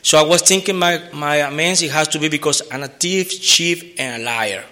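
Earnest man with a bright, tense voice. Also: fairly high pitch. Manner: earnest, halting, with repeated words and restarts. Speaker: member sharing his recovery story. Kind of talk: personal testimony at a recovery meeting.

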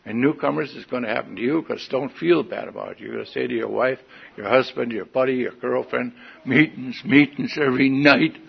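A man's voice: medium pitch, fairly quick, gravelly, breathy edge, dull audio. An older man giving a folksy, wry personal testimony at a meeting, in front of an audience. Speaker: recovery meeting speaker.

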